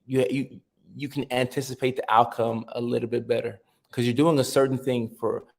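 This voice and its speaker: A man hosting a casual livestream, chatting with viewers, reading their comments aloud and repeating himself in a relaxed way. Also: medium pitch, creaky, slightly rough. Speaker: livestream host.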